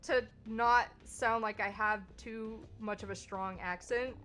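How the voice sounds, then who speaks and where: A woman streamer from Kentucky chatting casually, with a slight stutter and quick restarts. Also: a little high, fairly even intonation, a bit bright, soft background music. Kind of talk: casual chat.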